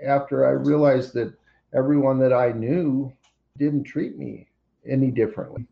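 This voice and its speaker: A man's voice: mid-range voice, fairly even intonation, normal speed, creaky, muffled recording. An older man wryly telling his daughter a personal story over a computer call. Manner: wry, plainspoken storytelling.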